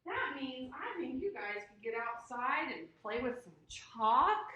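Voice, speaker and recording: A woman's voice: high-pitched, big pitch swings, unhurried, pushed and bright. Sing-song woman teaching little kids. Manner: sing-song, coaxing teacher talk to small children. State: sniffly from allergies. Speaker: preschool teacher. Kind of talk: online class for young children. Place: at home. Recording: roomy echo.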